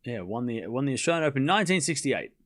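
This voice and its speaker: A man's voice: medium pitch, big pitch swings, quick pace, fairly bright tone. Sarcastic man chatting to stream viewers. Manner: sarcastic, teasing, rambling with restarts. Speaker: streamer hosting a tennis watchalong. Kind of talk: casual live-stream chat answering viewers.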